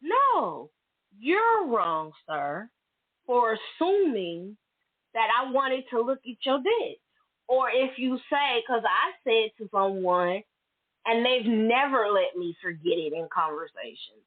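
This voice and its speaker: A woman's voice: a little high, big pitch swings, slow pace. Blunt woman podcaster, tinny phone-like audio. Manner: blunt, emphatic, profane venting. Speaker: podcast host. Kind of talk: solo podcast monologue.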